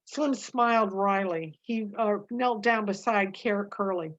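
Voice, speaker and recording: A woman reading a novel aloud with her own comments, halting, with frequent fillers and self-corrections. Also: mid-range voice, lo-fi sound. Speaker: reader.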